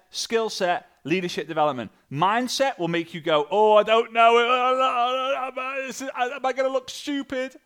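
A man coaching an online audience on sales messaging, energetic and animated, acting out sample messages. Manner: energetic, with big jumps in pitch and loudness; acts out sample messages in different voices. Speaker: sales and network marketing coach.

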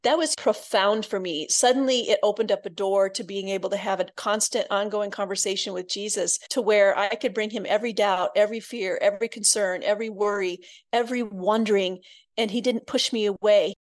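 A woman from Iowa speaks as a podcast guest, telling her faith story with earnest, heartfelt warmth. Her voice sits at a middling pitch, and she drops softer and quieter when she turns intimate. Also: steady tone, a little fast. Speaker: guest author.

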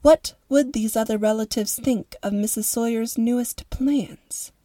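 Calm woman reading a storybook. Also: fairly high pitch, normal speed, no room sound. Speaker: audiobook narrator and podcast host. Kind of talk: storybook narration.

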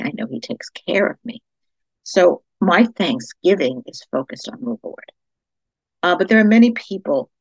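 A woman's voice: fairly low pitch, a little mellow, slightly rough, no echo. A woman hosting a devotional podcast, talking earnestly and from the heart, with many fillers, on a slightly dull recording. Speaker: podcast host. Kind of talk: devotional monologue.

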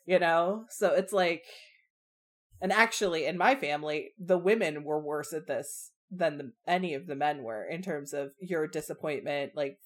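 A young woman co-hosting a casual book discussion podcast, speaking reflectively and candidly with drawn-out phrasing. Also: sits low.

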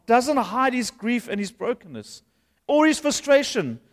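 男性南非口音牧师，在教堂里讲道，声音偏高. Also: male voice, very high-pitched, big pitch swings, a little slow. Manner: earnest, conversational preaching with rising emphasis. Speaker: pastor. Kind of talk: sermon. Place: church. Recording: long hall reverb.

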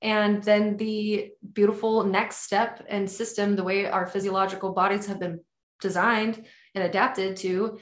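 A woman's voice: mid-range voice, flat delivery, unhurried. Gushing woman in an echoey room. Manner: enthusiastic, effusive, gushing. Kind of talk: casual podcast conversation.

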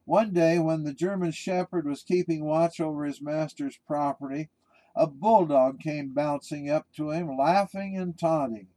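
A male pastor delivering a sermon in a relaxed, folksy storytelling way. His voice is warm and mellow, pitched a bit high, with casual restarts. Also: measured pace, poor audio.

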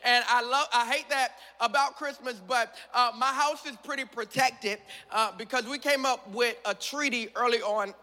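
A pastor preaching to his congregation, a man with a strikingly high, bright and forceful voice. He tells stories in a lively, joking way, talking straight to the crowd. His voice rings out with a long reverb through a large hall. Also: normal speed, hardly any pauses. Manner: lively, humorous storytelling with frequent laughter and asides to the congregation. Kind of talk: sermon.

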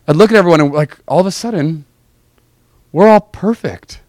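A man preaching a personal testimony, telling his story earnestly and emotionally with big swings in pitch. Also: animated, fast, dry recording, studio quality.

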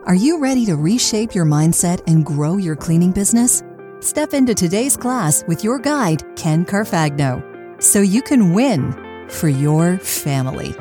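A woman's voice: lowish voice, animated, a little slow, dark tone. A woman announcing a podcast intro in an upbeat, inviting, scripted way. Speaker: show announcer. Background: guitar music.

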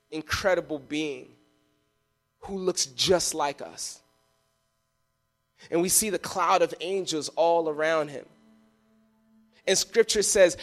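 A man preaching a live sermon in a church, passionate and emphatic, telling vivid stories to his congregation. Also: on the high side. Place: church sanctuary.

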